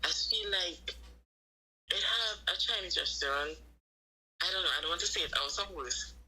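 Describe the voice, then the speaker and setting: A woman with a Trinidad and Tobago accent, co-hosting a casual live-stream chat and telling stories with lively quoted voices. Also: on the low side, normal speed, husky, poor audio. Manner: animated storytelling with quoted voices. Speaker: co-host.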